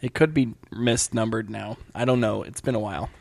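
A man's voice: fairly low pitch, fairly even intonation, fairly quick, vocal fry, darkish tone, dry recording. Rambling man with a dry close sound. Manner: rambling, full of fillers and restarts. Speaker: stand-up comedian. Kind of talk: casual podcast chat.

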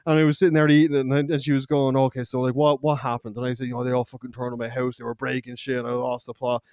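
A man's voice: mid-range voice, little pitch movement, fast talker, darkish tone, clear, resonant tone, no echo, studio quality. A young Irish man, a podcast co-host, telling a loose, profane anecdote in casual chat, laughing and acting out quotes. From Ireland.

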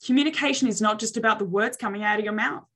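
A fast-talking young woman with a medium-pitched voice gives social skills coaching in an energetic motivational style. She plays out people's reactions with big, exaggerated expressions.

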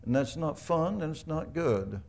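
Gravelly-voiced man preaching a sermon. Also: fairly high pitch, lively intonation, measured pace, darkish tone. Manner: conversational storytelling preacher, rhetorical questions, voices scripture characters. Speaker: pastor.

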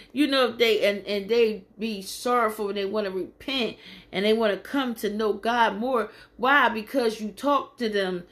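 A woman's voice: a little high, normal speed, fairly bright tone. A woman delivering a casual, folksy sermon. She reads scripture aloud and talks plainly to her listeners in an encouraging, preachy way. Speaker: podcast preacher. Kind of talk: informal sermon.

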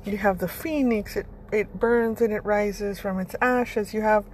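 A woman hosts a podcast, delivering a casual motivational monologue that's blunt, rambling, and full of free swearing. Her voice is medium-pitched, steady, a little slow, and a little mellow, with slight background noise.

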